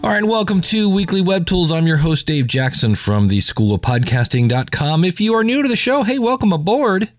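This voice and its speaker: A man's voice: high voice, sing-song, brisk, few pauses, no room sound, faint music behind. A man hosting his own podcast, reviewing a web tool in a chatty, informal way with jokey asides. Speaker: podcast host. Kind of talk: casual solo podcast review.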